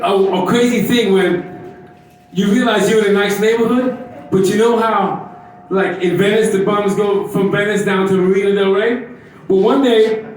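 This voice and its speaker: A man's voice: high-pitched, very echoey, recorded from a distance, a little hiss or hum, poor audio. A man in his fifties doing a brash, profane stand-up comedy set on a club stage, teasing the crowd. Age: 50s.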